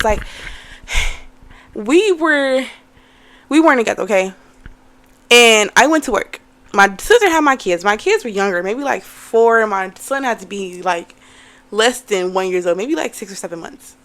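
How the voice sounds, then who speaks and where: A young woman telling a story in a casual vlog, animated and cursing, talking to viewers as y'all. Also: fairly high pitch. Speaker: vlogger.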